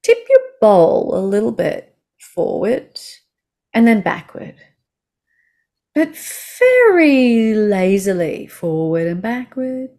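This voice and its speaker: A woman with an Australian accent guiding a slow body-awareness lesson, speaking soothingly and asking the listener gentle questions. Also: mid-range voice. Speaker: movement instructor.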